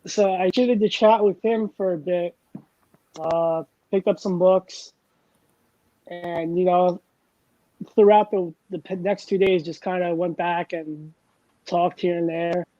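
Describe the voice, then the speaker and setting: Dark-voiced man telling rambling stories. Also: high voice, fairly even intonation, takes it slowly, dry recording, lo-fi sound. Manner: rambling, self-deprecating storyteller. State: over-caffeinated. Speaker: host. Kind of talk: casual chat.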